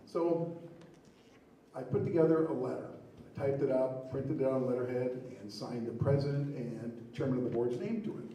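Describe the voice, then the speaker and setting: A man's voice: medium pitch, normal speed, slight background noise. Man telling a story on stage, echoey and distant. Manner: animated, laughing at his own prank. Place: live show venue.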